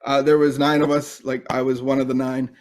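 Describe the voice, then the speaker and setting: A middle-aged man giving a personal recovery testimony, halting and full of restarts and fillers. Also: mid-range voice, flat delivery, darkish tone. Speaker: recovery speaker.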